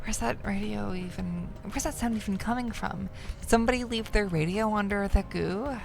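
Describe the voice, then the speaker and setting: A woman's voice: mid-range voice, normal speed, gravelly, faint music behind. A young woman streaming a game, reading its text aloud and joking about it in a sardonic way, sometimes slipping into mock announcer voices.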